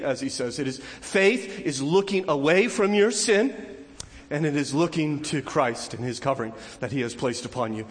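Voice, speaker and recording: A man preaching a sermon as pastor, swinging from hushed, low passages up to loud, high exclamations. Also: long reverb tail. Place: church.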